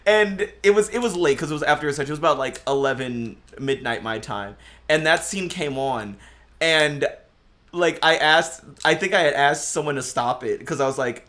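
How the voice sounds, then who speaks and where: A man's voice: a little high, normal speed, a bit bright. A man co-hosting a casual podcast chat, rambling and swearing as he retells scenes. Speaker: podcast co-host.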